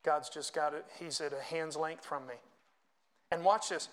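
Male pastor, high-pitched, preaching a sermon; swells on scripture, chats with the congregation between readings. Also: fairly even intonation, moderate pace. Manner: conversational asides to the congregation.

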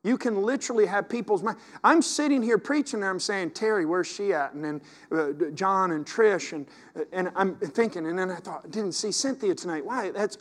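A male pastor with a fairly high voice delivers an impassioned sermon. He drops to hushed, confiding asides, then rises to loud, urgent exhortation.

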